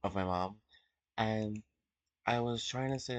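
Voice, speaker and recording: A teenage young man giving an unscripted personal confession at home, emotional and halting, with many fillers and restarts. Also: fairly low pitch, no room sound, lo-fi sound. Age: teens. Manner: emotional, soft-spoken. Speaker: vlogger.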